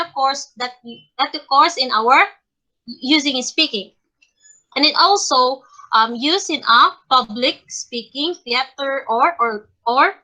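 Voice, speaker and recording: A young woman leads an online lesson as the teacher. Her voice sits high and bright, and she talks slowly, restarting her sentences often. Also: low-quality recording. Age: young adult. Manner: slow and halting, with many restarts. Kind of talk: role-played classroom lesson. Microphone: online call.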